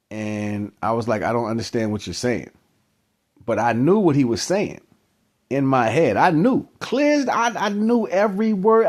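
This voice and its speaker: A man hosting his own channel, telling a personal story in a casual, animated, slangy way that keeps circling back on itself. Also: medium pitch. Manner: animated, slangy, repeats himself. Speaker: channel host.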